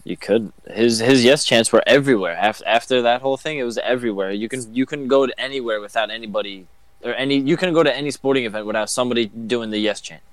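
Steady male podcast guest, dry sound. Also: mid-range voice, fast, no echo. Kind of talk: casual wrestling chat.

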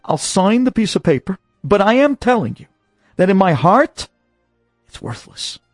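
A man voicing a hurt, stubborn young bride in a story, speaking quietly and resentfully. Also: high voice, very animated, moderate pace, no room sound, clean studio sound, soft background music, pitched above the performer's own voice. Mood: bitter.

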